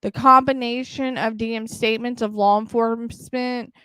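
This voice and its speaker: Smooth, dry-voiced woman podcast host reading. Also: a little high, fairly even intonation, a bit bright, dry recording. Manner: reads steadily, stumbles on names and words, adds quick casual asides. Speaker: true crime podcast host. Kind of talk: reading court documents aloud with asides.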